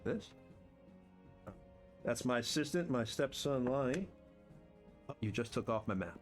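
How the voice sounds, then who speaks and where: A man's voice: medium pitch, expressive, measured pace, faint music behind. A man streaming live, chatting playfully to himself and to viewers as he builds game terrain, boasting in fun. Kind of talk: casual live-stream chat while building. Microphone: desk mic with headphones.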